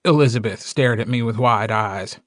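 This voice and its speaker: A man narrating an audiobook in the first person with a steady, even storytelling manner. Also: mid-range voice, moderate pace, no echo, studio quality.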